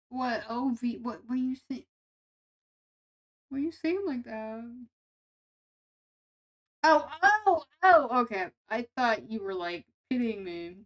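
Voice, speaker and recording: A woman's voice: a little high, poor audio. A young woman VTuber chatting casually with her stream viewers, playful and self-mocking, tripping over her words.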